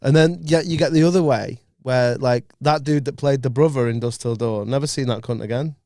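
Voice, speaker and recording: A man's voice: medium pitch, brisk, warm tone, no room sound. A man appearing as a guest on a podcast in a studio, chatting casually in a wry, lightly sweary manner. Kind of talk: casual chat.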